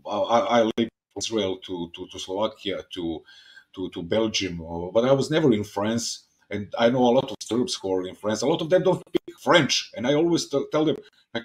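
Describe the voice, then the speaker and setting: Guy hosting a podcast in english, fired up, swears, keeps restarting, lowish voice. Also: brisk. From Serbia. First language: Serbian. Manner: excitable, swears, repeats words and restarts often. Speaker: podcast host. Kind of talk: casual interview chat.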